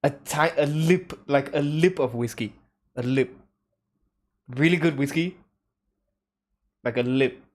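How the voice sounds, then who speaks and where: A man who speaks English as a second language, hosting a relaxed, slangy chat. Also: on the high side, slow, pauses often. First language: not English. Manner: laid-back, slangy, says yo and damn. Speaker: host. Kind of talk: casual chat.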